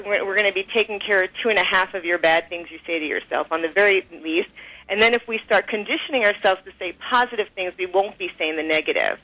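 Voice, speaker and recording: Woman on a phone interview, bright ringing voice, lively and chatty, does little quoted voices. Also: medium pitch, rough recording. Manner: animated, acts out quoted voices, laughs often. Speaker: author and guest. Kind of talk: interview, explaining and telling stories.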